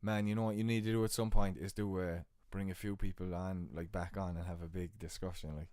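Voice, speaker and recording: A young Irish man with a broad Cork accent, his voice sitting low and heavy. He rambles through stories with easy, jokey banter, recorded close and dry in a bedroom. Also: fairly even intonation, brisk, a little mellow, no room sound. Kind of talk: casual chat.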